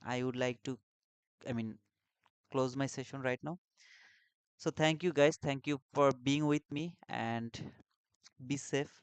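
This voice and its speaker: Halting, earnest man with smooth voice. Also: mid-range voice, dry recording. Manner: halting, with frequent restarts and repeated words. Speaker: trader in a live trading call. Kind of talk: casual group voice chat.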